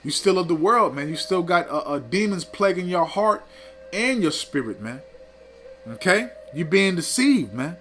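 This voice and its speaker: A man's voice: high-pitched, expressive, moderate pace, a bit bright, faint music behind. A man teaching scripture in a scolding, preachy way, often tagging lines with "man" and "okay". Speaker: teacher of a religious group.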